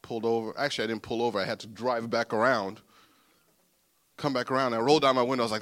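A man pastor preaching a sermon through personal stories, animated and building to loud, emphatic points. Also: medium pitch, fast talker.

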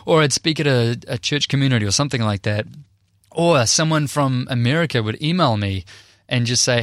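A young man, a Christian speaker and performer, earnestly recounts a personal testimony in a conversational, emotional way. His medium-pitched voice moves briskly, captured at studio quality with no room sound.

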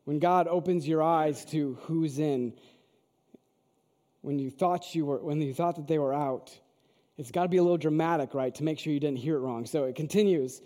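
A man's voice: on the high side, moderate pace, mellow. A man preaching a sermon, telling a story in a conversational way and asking the audience questions. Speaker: pastor. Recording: long hall reverb.

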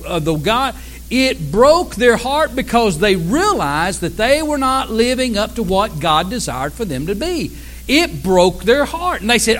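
A man preaching a sermon as pastor, swinging from loud cries to hushed tones. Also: sits high, low-quality recording. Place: church sanctuary.

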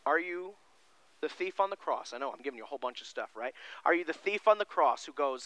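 A man's voice: expressive, fast talker, no room sound. Folksy, emphatic male pastor preaching. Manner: emphatic, folksy, swings between loud stresses and quiet low passages. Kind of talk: sermon.

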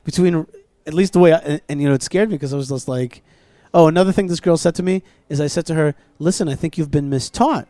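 Man, podcast host, storytelling, restarts a lot, fairly high voice, dry close sound. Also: quick pace, dry recording. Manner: animated, full of restarts and quoted dialogue. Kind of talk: casual storytelling conversation. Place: outdoors at a plaza.

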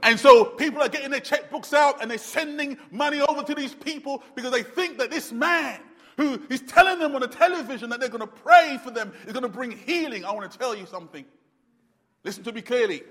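A man preaching a sermon with a fairly high voice. He speaks emphatically and conversationally, repeating his points. His words echo with the long reverb of a church hall. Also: lively intonation, moderate pace, a bit bright. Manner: emphatic, repetitive, conversational with fillers.

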